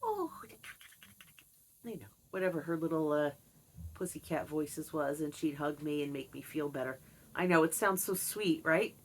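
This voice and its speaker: A woman's voice: low-pitched, moderate pace, slight background noise. A middle-aged woman talking candidly to camera about her childhood and her pets, reflective and confiding. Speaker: vlogger. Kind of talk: candid personal monologue.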